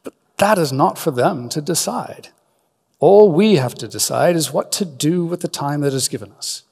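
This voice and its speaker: A man voicing an old, wise male wizard in a dramatic reading, speaking slowly, deeply and with measured steadiness. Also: expressive, creaky, darkish tone, breathy edge, big-room sound, full character voice. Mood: grave. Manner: slow, deep and measured.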